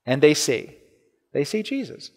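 A man's voice: on the high side, sing-song, a little slow, long reverb tail. A man preaching a sermon in a conversational way, often repeating words and checking in with "right?". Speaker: pastor.

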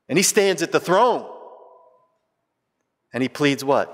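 Animated preacher man in an echoing hall. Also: fairly high pitch, slow, pauses often. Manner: animated preaching, swings from loud to hushed. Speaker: pastor. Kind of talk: sermon. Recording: reverberant hall.

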